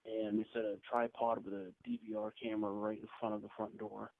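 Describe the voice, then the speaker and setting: A man telling rambling ghost-hunting anecdotes as a podcast guest, with quick asides. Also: on the low side, little pitch movement, creaky, dry recording. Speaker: podcast guest, paranormal investigator. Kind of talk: casual storytelling interview. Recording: tinny phone-like line.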